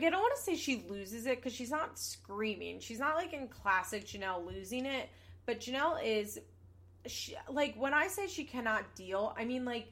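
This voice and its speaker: A woman's voice: mid-range voice, fairly bright tone. A young woman casually recapping a reality show, chatty and candid, with lots of "like" and the odd swear.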